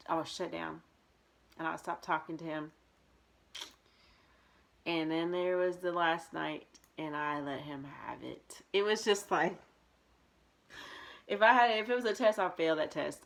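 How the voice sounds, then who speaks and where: Candid rambling woman vlogger, low voice. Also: vocal fry, a bit bright. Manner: candid, rambling, many fillers and restarts. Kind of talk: casual personal storytelling.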